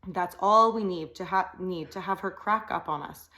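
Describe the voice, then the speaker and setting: A woman's voice: normal speed, pushed and bright. A woman voicing a cocky teenage boy who leads the group, in an audiobook reading. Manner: low, cocky.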